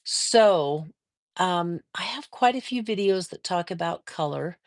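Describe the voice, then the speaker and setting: An older woman hosting a casual quilting livestream, reading viewer comments aloud and answering them with chatty encouragement and drawn-out fillers. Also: fairly low pitch, animated, no echo, studio quality.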